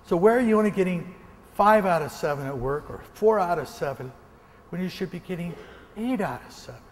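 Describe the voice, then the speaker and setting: A motivational speaker from the American Northwest, a man, telling a lively story during a keynote and acting out gunshots. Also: high voice, fairly quick, big-room sound. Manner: animated, acts out gunshots and quoted voices. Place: large hall before an audience.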